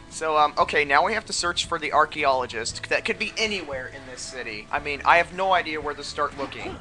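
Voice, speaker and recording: A man's voice: a little high, lively intonation, bright, forceful tone, faint music behind. A man hosting a let's play, joking and rambling in casual game commentary. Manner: joking, rambling, quick laughs.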